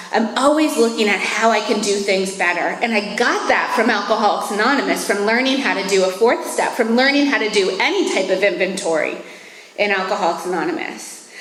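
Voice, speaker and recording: A woman's voice: mid-range voice, fairly bright tone, a little hiss or hum. Earnest woman speaking in an echoey hall. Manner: earnest, reflective, measured. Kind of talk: recovery meeting talk.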